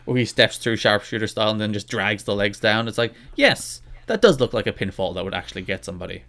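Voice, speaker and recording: A man's voice: on the low side, animated, fast talker, pushed and bright. A man co-hosting a casual wrestling podcast, rambling and self-deprecating with lots of restarts. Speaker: podcast co-host.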